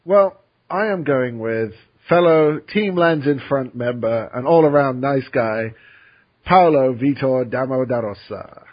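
An easygoing podcast host leads the talk from one segment to the next. His voice is a little husky, and the audio is dull and lo-fi. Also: medium pitch, measured pace. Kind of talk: casual chat. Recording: dull muffled call audio.

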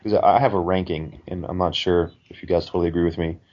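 A man's voice: sits low, little pitch movement, fast talker, a little mellow, slightly rough. A man co-hosting a casual podcast, rambling through card rankings and hedging with fillers. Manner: rambling, hedging with likes and I means. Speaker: podcast co-host. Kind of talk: casual chat. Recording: dull lo-fi sound.

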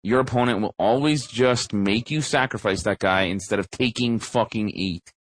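A man's voice: fairly low pitch, normal speed, dry recording, poor audio. A man co-hosting a podcast in casual chat, ranting and mocking with heavy swearing. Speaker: podcast co-host.

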